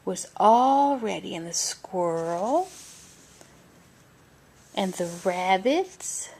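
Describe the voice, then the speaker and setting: Woman, bedtime storybook, soft hushed reading, whispery, slow and unhurried. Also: medium pitch, animated, husky.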